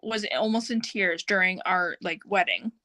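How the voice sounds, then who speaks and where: A woman's voice: medium pitch, normal speed, sharp tone, no echo. A young woman guest on a podcast, speaking candidly and bluntly in casual chat.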